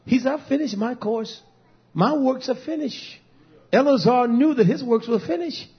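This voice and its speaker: A man preaching a sermon with emphatic repetition, swinging between quiet low passages and raised calls. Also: normal speed, breathy edge. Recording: dull lo-fi recording.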